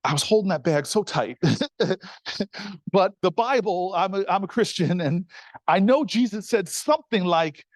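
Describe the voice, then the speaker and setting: A middle-aged man, a senator, telling an animated, folksy story straight to the crowd in a speech. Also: high-pitched, moderate pace, no echo.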